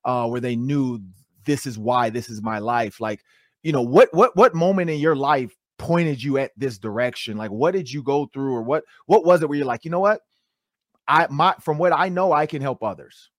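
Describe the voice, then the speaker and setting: A man's voice: mid-range voice, moderate pace, no room sound, clean studio sound. A man hosting an interview podcast, asking questions in a loose, friendly way. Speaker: podcast host. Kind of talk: casual interview talk.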